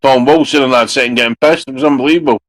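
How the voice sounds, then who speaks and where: A man's voice: medium pitch, racing, no echo, low-quality recording. Laid-back man, dry close sound. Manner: laid-back, rambling with frequent fillers. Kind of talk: casual stream chat.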